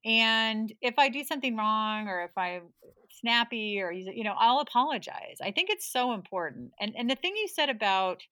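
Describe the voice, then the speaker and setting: Bright, dry-sounding woman host. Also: mid-range voice, no room sound. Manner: candid and chatty, with personal anecdotes. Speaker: interview host. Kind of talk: casual interview conversation.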